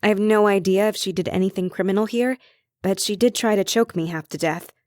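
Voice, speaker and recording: A woman's voice: mid-range voice, steady tone, fairly quick, darkish tone, dry recording, studio quality, lightly acted. A woman narrator speaking as a young witch heroine in an earnest, urgent way.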